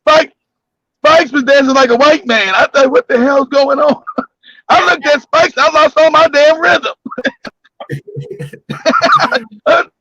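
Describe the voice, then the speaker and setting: A man with a very high, gravelly voice hosts a casual comedic talk show, laughing and telling stories loudly. The recording is dry and lo-fi. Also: slow, pauses often, no echo. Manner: loud, laughing, animated storytelling. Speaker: podcast host. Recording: dull dry lo-fi audio.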